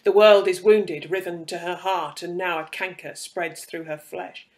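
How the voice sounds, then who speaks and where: Ancient hungry creature, read by a man, scornful and coaxing, slightly high pitch. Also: steady tone, unhurried. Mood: menacing. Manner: taunting, enticing. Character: ancient cruel inhuman creature, mocking and hungry.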